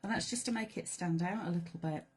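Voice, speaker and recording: A middle-aged woman presenting a live craft demonstration, chatty and playful, sometimes dropping to soft whispered asides as she works. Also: on the low side, fast talker, slightly rough. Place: craft studio.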